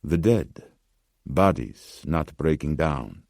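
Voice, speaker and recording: Man voicing an anxious old pawnbroker, Slavic-tinged accent, deep, grave and measured. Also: lively intonation, no room sound, studio quality, full character voice. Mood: urgent hushed. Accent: Slavic-tinged, as put on. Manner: slow, grave, hushed insistence.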